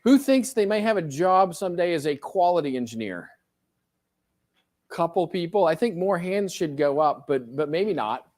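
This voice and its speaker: A man's voice: a little high, lively intonation, normal speed, a little mellow. Middle-aged man as a professor, lecturing loosely, tossing questions to the class. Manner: casual, joking, asks the class questions.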